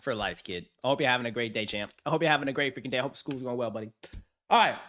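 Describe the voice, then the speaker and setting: A man's voice: mid-range voice, rapid-fire, bright, forceful tone. A man hosting a casual live stream, hyped and slangy, talking to his chat. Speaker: finance streamer.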